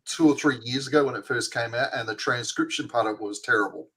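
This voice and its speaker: A man with a non-American English accent in a casual panel chat, relaxed and easygoing. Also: medium pitch, fast, husky, poor audio.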